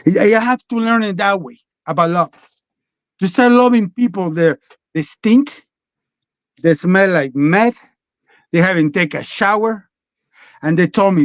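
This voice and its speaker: Speaking as a podcast guest, a high-voiced man shares his personal story in a frank, meandering way, cursing without restraint. His delivery is unhurried with long pauses, captured in dry, close, slightly dull lo-fi audio with no echo.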